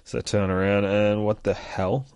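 Deep-voiced cursing man recapping a comic. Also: normal speed, clear, resonant tone, no room sound. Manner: profane, excitable, laughs often. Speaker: comic book reviewer. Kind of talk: casual retelling of a comic.

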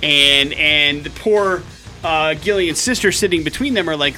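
A male radio morning show host telling stories in lively, casual banter in a studio. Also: high voice, measured pace, soft background music. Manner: lively, chatty, animated storytelling with fillers.

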